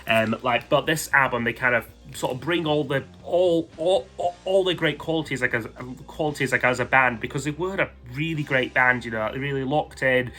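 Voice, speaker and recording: Man, mid pitch, tense bright tone, chatty and rambling, faint music bed. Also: brisk, few pauses. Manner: rambling, full of "like" and "um", enthusiastic. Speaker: music vlogger ranking albums. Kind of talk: casual spoken album countdown.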